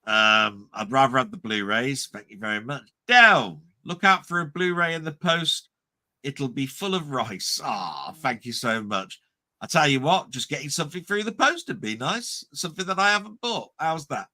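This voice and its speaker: Chatty man with a bright, forceful voice. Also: mid-range voice, lively intonation, normal speed. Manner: chatty, self-deprecating, reads comments aloud. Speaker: livestream host reading chat comments. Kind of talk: casual live chat.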